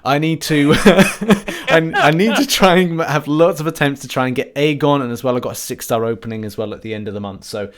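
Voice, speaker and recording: A man's voice: a little high, a little fast, few pauses, fairly bright tone. A man hosting a casual gaming podcast, rambling and laughing often as he talks. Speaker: podcast host.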